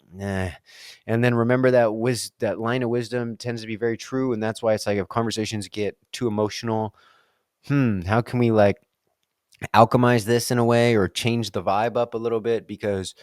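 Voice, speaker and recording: A young adult man hosting a solo talk, musing casually and breaking into quick playful voices. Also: medium pitch, a little mellow, dry recording, studio quality. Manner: playful, acts out quick silly voices mid-thought. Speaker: solo podcast host answering reflective questions. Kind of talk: casual spoken reflection.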